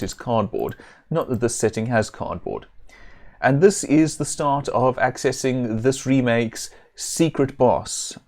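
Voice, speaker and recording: A man casually talking through a video game on a stream, chatty and self-deprecating, stopping now and then to clear his throat. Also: medium pitch, a little mellow. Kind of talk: casual game commentary and reading.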